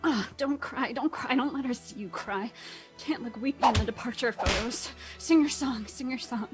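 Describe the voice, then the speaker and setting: A woman voicing a lovesick female ocean liner in a comedy reading, soft and sing-song. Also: on the high side, normal speed, soft background music, close to an everyday voice. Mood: weepy.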